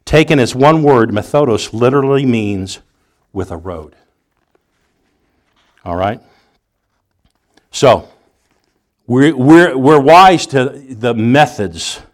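A middle-aged male pastor preaching a sermon, acting out scenes with rising, near-shouting emphasis. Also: medium pitch, animated, takes it slowly, pauses often.

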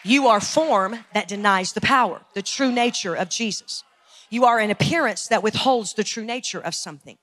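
A woman's voice: mid-range voice, moderate pace, fairly bright tone, a faint crowd. A woman pastor preaching a fiery sermon, building in intensity and repeating phrases for emphasis. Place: church sanctuary.

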